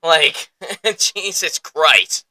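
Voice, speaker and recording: A man hosting a podcast in casual chat, excitable and profane, often breaking into laughter. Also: on the high side, extremely slow, no echo, poor audio. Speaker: podcast host.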